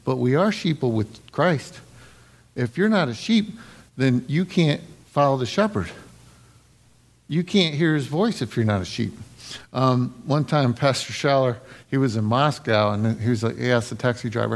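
Gravelly-voiced man preaching a casual sermon. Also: medium pitch, lively intonation, normal speed. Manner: conversational, asks the congregation "right?" often. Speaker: pastor.

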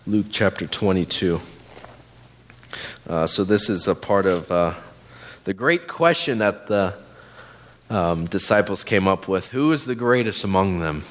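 A man's voice: deep voice, expressive, unhurried, long pauses. Man preaching casually in a church. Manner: casual, conversational preaching with many fillers and asides. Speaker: guest preacher. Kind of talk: sermon.

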